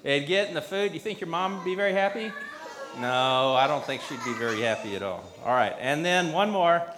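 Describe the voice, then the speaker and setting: Man, slightly high voice, leads a children's sermon with patient, simple questions. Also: lively intonation, brisk. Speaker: pastor leading a children's message.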